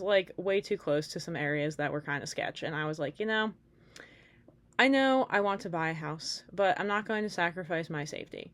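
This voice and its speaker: Chatty woman vlogger with a lowish voice. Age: late 20s. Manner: rambling and chatty, with many fillers and asides. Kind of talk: casual chat to camera.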